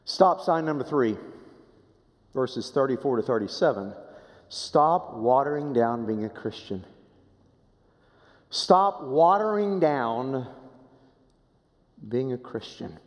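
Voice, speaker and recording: A man preaching a sermon as pastor, swinging dramatically from hushed low phrases to raised, emphatic ones and repeating rhetorical questions. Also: unhurried, long reverb tail.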